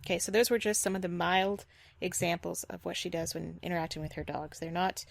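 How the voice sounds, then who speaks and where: A woman's voice: fairly low pitch, fairly even intonation, a little fast, creaky, no room sound, clean studio sound. A woman dog trainer giving reaction commentary, critical and explanatory, repeating her points firmly.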